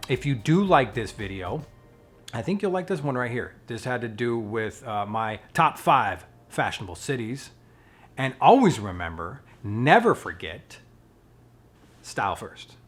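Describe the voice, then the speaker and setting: A man hosting his own vlog, chatting casually in a playful, animated way and joking about his strong opinions. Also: medium pitch, unhurried, soft background music. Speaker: vlogger and channel host.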